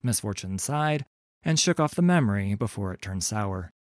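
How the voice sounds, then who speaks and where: A man narrating a fantasy story in a measured, expressive audiobook style on a close studio mic. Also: on the low side, no room sound.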